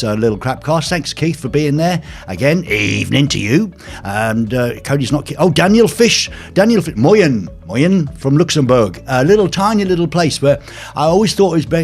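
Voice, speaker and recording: Male host, live home stream, animated up-and-down delivery, rambling jokey chat with viewers. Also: medium pitch. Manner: rambling, jokey, lots of fillers. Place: home penthouse flat.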